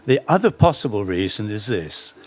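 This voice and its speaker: A man's voice: fairly low pitch, sing-song, moderate pace. A middle-aged man giving an anecdotal talk on folk history, with dry humour and frequent self-corrections. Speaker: speaker giving a public talk.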